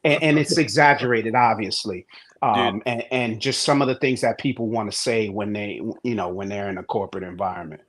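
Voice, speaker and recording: A man's voice: on the low side, a little fast, hardly any pauses, a bit bright. A man who works in IT, chatting casually on a podcast in a profane, joking way. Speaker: podcast co-host and IT worker. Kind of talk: casual chat.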